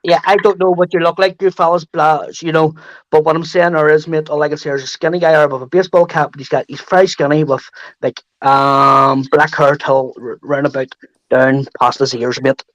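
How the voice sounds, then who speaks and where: A man hosts a rowdy group call on his stream, his voice sitting a little high. He speaks bluntly and chattily, forever calling his guests mate. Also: fairly even intonation, moderate pace, fairly bright tone, no echo, muffled recording. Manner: blunt and matey, full of "mate" and "lad". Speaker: livestream host. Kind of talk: casual group call chat.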